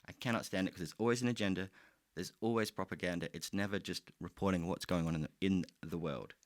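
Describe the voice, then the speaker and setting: A man's voice: low voice, fast talker, no room sound. Profane Australian man ranting, dry sound. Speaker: podcast host. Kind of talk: ranting solo podcast.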